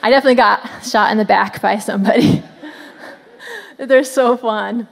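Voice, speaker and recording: Woman, 30s, high voice, animated family sermon with crowd call-outs. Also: measured pace, gravelly. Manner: animated, frequent "come on" calls to the crowd. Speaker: children's ministry speaker.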